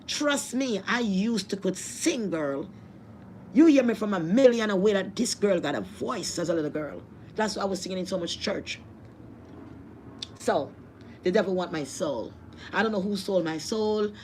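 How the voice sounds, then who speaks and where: A woman's voice: mid-range voice, animated, normal speed, a little mellow, slight background noise. A woman with a Jamaican accent telling a personal testimony, emotional and repetitive, with religious appeals. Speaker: vlogger.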